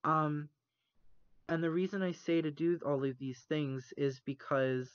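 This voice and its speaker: A man co-hosting a podcast, talking earnestly and haltingly, close to tears, recorded over an internet call. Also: a little high, steady tone, clean tone, dry recording. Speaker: podcast co-host. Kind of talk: casual chat. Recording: muffled dry call recording.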